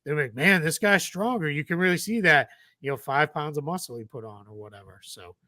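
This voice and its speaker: A man's voice: on the high side, lively intonation, fairly quick, sharp tone, no echo, clean studio sound. A man in his forties, co-hosting a sports podcast in a chatty, jokey, rambling way. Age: 40s. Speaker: podcast co-host. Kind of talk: casual sports chat.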